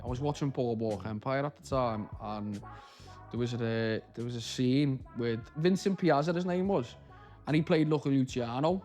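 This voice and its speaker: A man in his thirties from Liverpool with a Liverpool accent, telling stories from his acting career in a relaxed interview, rambling and restarting often. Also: mid-range voice. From Liverpool, England. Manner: rambling, many restarts and "you know", local slang. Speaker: actor, interview guest.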